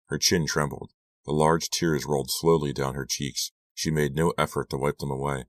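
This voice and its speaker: Man reading an audiobook, super deep voice, steady and measured, dry close sound. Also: no echo. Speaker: audiobook narrator. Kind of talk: scripted narration.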